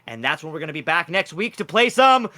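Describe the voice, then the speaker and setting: A man narrating a tabletop game as game master, with an animated delivery that jumps in pitch and volume. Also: fast.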